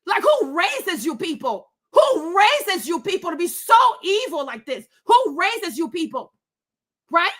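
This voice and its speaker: A woman with a very high voice rants into her webcam, firing off rhetorical questions again and again. She swears freely and sounds indignant. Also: fairly bright tone. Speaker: livestream host. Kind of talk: heated livestream rant.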